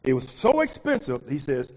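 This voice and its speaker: Husky, lively-pitched preaching man. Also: normal speed, rough recording. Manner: animated preaching, asks congregation to fill in words. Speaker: pastor. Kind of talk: call-and-response sermon.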